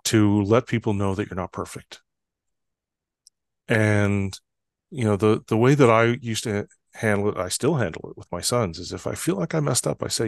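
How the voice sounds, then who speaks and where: A man, a guest on a podcast, speaking in a calm, measured way about building trust. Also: on the low side, creaky, no echo. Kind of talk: reflective conversation.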